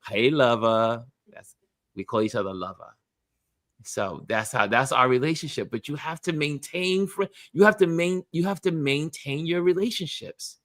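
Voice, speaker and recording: A man hosting a casual motivational chat, talking about friendship in an animated way and acting out what people say. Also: fairly high pitch, normal speed, no echo, clean studio sound. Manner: animated, acts out quoted voices. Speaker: host.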